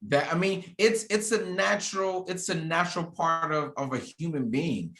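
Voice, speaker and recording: A man's voice: fairly high pitch, moderate pace, a bit bright, reverberant, rough recording. A man in his thirties hosting a casual conversation, talking candidly and reflectively and often restarting his sentences. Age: 30s. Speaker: podcast host.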